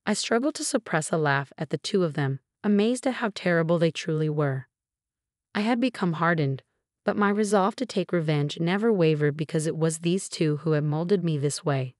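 Speaking in the first person, a woman in her 40s narrates a story with a steady, measured delivery in a lowish voice. It's recorded close and dry, without any room sound.

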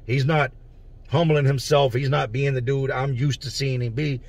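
A man's voice: mid-range voice, steady tone, moderate pace, a little mellow, no echo. A man telling a story from his own prison time in a casual, slangy way, stopping to explain terms. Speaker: storyteller recounting prison life.

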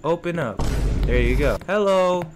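A young gaming streamer offers let's-play commentary, joking and talking back to the characters in slangy speech. His voice is on the high side with lively intonation at a moderate pace, and faint game music plays behind him.

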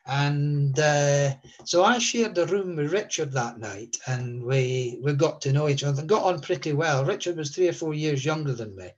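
A man in his seventies from Scotland, recalling old anecdotes in an interview with a rambling, halting delivery. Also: a little high, highs cut off. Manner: rambling, many fillers and restarts.

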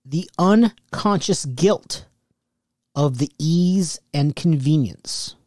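A man's voice: on the high side, lively intonation, slow pace, a little mellow, dry recording, studio quality. A man co-hosting a podcast in casual chat, mostly giving short replies and questions. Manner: short agreeing replies, quizzes his co-host. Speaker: podcast co-host.

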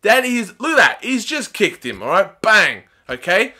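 A young man giving excitable, often shouted commentary while playing a football video game. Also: high-pitched, moderate pace. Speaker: gaming YouTuber.

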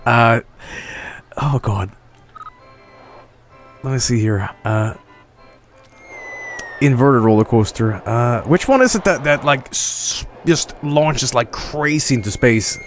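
A man streaming a game, commentating casually and excitably, swearing often and laughing a lot. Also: medium pitch, slow, long pauses, soft background music.

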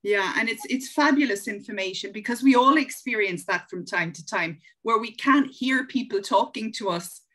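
Measured woman hosting an interview. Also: fairly high pitch, a bit bright, low-quality recording. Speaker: interview host. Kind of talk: interview questions.

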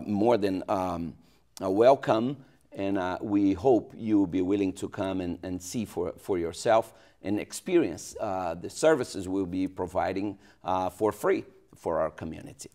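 Pastor, male, Brazilian Portuguese accent, very low voice, halting interview speech. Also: dark tone. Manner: hesitant, many restarts and fillers. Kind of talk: local TV interview.

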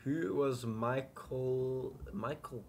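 Casually narrating a let's-play, this gaming host mumbles joking remarks to himself as the game goes on. His voice is mid-range with drawn-out words, and there is slight background noise.

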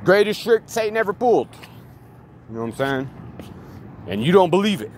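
A man's voice: high-pitched, big pitch swings, fairly quick. A man giving a rambling, profane, emphatic monologue outdoors near traffic. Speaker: vlogger. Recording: loud street and vehicle noise.

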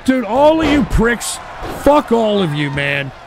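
A man hosting a live stream, ranting in a profane, exasperated way and shouting often. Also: high voice, very animated, unhurried. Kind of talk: live-stream commentary rant. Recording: stream with loud music and crowd behind.

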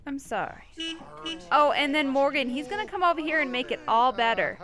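A woman's voice: sits high, animated, fairly quick, crowd noise. A young woman giving casual, playful commentary over a life-simulation game, teasing her characters with mischievous glee. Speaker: gameplay commentator. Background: game music.

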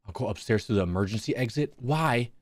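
A young man plays a horror game live, speaking fairly quickly in an expressive, medium-pitched voice. His commentary mixes profane, crude jokes for the chat with nervous muttering to himself.

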